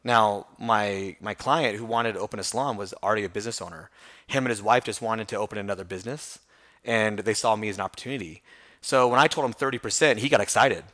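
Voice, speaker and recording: A man in his thirties recounts how he built his business, talking quickly and with animation. He pokes fun at his younger self and laughs as he goes. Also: lowish voice. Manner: fast, animated storytelling with self-deprecating laughs. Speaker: hair school franchise owner. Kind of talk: interview storytelling.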